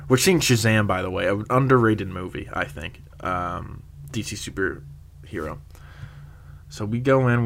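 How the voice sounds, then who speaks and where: A young man telling a rambling, casual story, laughing often and filling pauses with "uh" and "um". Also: lowish voice, creaky, a little hiss or hum.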